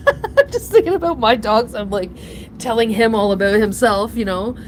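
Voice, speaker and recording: A woman hosting a casual chat, rambling through a story with frequent laughter and sudden high, emotional bursts. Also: fairly quick, slight background noise. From Ontario, Canada. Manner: rambling, animated, laughs often, breaks into emotional high pitch. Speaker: channel host.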